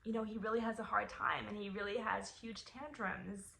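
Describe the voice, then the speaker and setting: A young woman speaks in an emotional, halting way, her voice clear and bright with a forward edge. She keeps restarting phrases and reaching for words as she talks as a mother in a personal vlog. The room around her is echoey. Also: mid-range voice, steady tone. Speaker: vlogger and mother.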